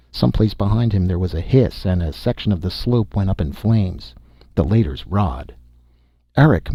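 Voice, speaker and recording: A man narrating a science fiction story in a steady, measured reading. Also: fairly low pitch, no echo. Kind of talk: audiobook narration. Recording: dull, lo-fi dry recording.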